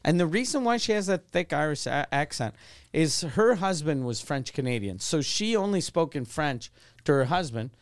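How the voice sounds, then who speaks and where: A man's voice: a little high, expressive, moderate pace. Man telling a rambling, swearing story. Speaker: podcast co-host. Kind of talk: casual chat. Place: podcast studio.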